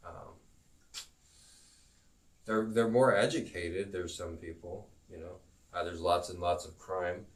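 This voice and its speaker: A man teaching a live-streamed geography lesson, rambling and halting, with self-promoting asides. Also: low voice, fairly even intonation, recorded from a distance.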